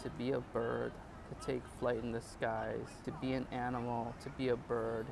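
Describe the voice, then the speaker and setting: A man's voice: mid-range voice, flat delivery, moderate pace, vocal fry. A man in his twenties, wry and joking, talking to his handheld camera as he walks city streets and eats in a restaurant. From China. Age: 20s. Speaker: vlogger. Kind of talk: casual walking vlog. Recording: noisy street recording.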